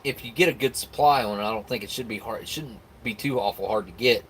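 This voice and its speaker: Easygoing low-voiced live stream host. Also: male voice, fast, a bit bright, a little hiss or hum. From United States. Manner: rambling, easygoing, with frequent restarts and laughs. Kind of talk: casual chat reacting to viewer comments.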